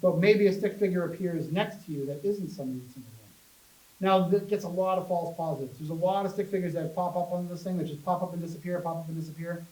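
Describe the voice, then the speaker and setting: A man giving a casual public talk about ghost hunting as a chatty, animated storyteller who jokes with his audience. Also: high-pitched, quick pace. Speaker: paranormal investigator giving a talk. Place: public library meeting room. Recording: echoey room, voice from a distance.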